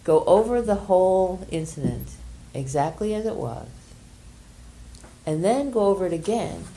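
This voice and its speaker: An older woman leading a workshop group, speaking gently and hesitantly with many pauses as she explains an exercise and shares a personal story. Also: lowish voice, lively intonation, a little hiss or hum. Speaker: workshop leader.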